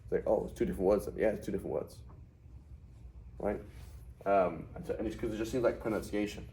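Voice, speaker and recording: A man's voice: lowish voice, fast, dark tone, a little hiss or hum, low-quality recording. A man teaching a class in a conversational lecture style, often putting questions to his students. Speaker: Arabic teacher.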